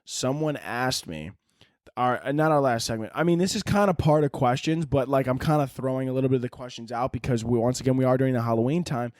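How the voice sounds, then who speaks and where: A man's voice: mid-range voice, fast, darkish tone, no room sound, clean studio sound. A man hosting a solo podcast, rambling through listener questions with crude, self-mocking jokes. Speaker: podcast host.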